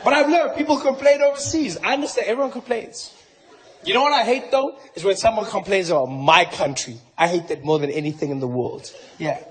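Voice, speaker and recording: A man doing a stand-up comedy set, animated and swinging between shouting and muttering. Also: high-pitched, brisk, crowd noise. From South Africa. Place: large live comedy venue. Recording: live stage recording with audience noise.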